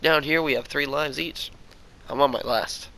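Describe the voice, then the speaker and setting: A man voicing a gentle man made by an ink machine, speaking quietly and fearfully, as he reads a fan story aloud. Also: a little high, steady tone, normal speed, a little hiss or hum, pitched above the performer's own voice, poor audio. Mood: earnest. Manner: quiet, hushed, fearful at times.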